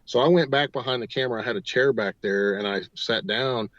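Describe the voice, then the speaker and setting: A paranormal investigator, guesting on a talk radio show, rambles through a long story, stringing one clause to the next with "and." His mid-range voice is brisk and fairly bright, captured in dull, dry lo-fi audio.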